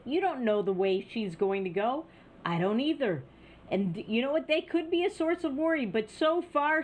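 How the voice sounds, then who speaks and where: A woman hosting an opinion news show, talking in a scornful, sarcastic way. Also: sits high. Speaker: news commentary host. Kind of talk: opinion commentary.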